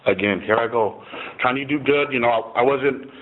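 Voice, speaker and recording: A man's voice: medium pitch, moderate pace. A middle-aged man casually telling a personal recovery story, profane and rambling, with lots of "you know" fillers. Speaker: speaker sharing a recovery story. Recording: tinny phone-like recording with faint hiss.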